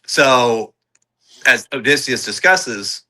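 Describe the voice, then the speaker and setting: A man with a very bright, sharp voice at a middling pitch, chatting on a casual review show. He rambles, restarts phrases, and laughs between them. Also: expressive, slow, low-quality recording. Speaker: podcast co-host. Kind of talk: casual film review chat.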